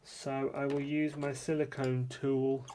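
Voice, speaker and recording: A man giving a casual, hands-on painting tutorial, chatty and relaxed, thinking aloud and correcting himself as he works at a painting table. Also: mid-range voice, takes it slowly, very noisy. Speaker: art supplies reviewer demonstrating paints.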